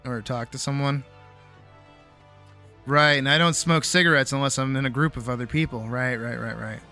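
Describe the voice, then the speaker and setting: A man's voice: mid-range voice, fairly even intonation, normal speed, pushed and bright, soft background music. A tired man streaming late at night from home on a desk mic, chatting casually, rambling, swearing freely and mocking himself. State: tired, sore jaw. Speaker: streamer and animator.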